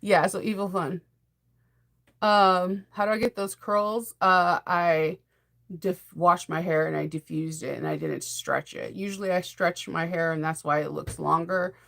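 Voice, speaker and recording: A woman's voice: fairly low pitch, fairly even intonation, measured pace, creaky, fairly bright tone. A middle-aged woman hosting a sewing channel, chatting casually in a rambling, enthusiastic way and laughing often. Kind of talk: casual chat.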